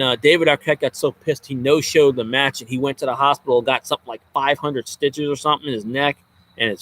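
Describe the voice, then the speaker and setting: A man's voice: a little high, a bit bright. A man who vlogs as a sports fan, ranting in a casual, rambling way with a lot of swearing and jokes. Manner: profane, joking, rambling.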